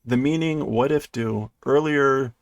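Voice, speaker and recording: Male streamer, unhurried gravelly delivery, dry close sound, thinking aloud with self-corrections. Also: mid-range voice, no room sound. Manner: laughs lightly at himself. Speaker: streamer reading a manga aloud. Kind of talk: live-stream read-through, translating as he goes. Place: indoors at his computer.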